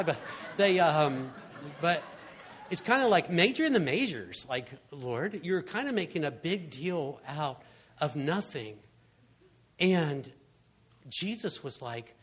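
A man delivers a relaxed, conversational sermon and sounds more like he's telling stories to friends than lecturing. His voice sits a little high for a man. His delivery is animated and peppered with casual fillers. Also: takes it slowly, pauses often, slightly rough. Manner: animated storyteller, frequent fillers like "I mean" and "you know". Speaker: pastor.

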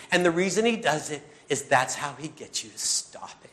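A man's voice: fairly high pitch, expressive, moderate pace, a bit bright. A middle-aged man preaching a sermon in a conversational, earnest way, full of fillers and sighs.

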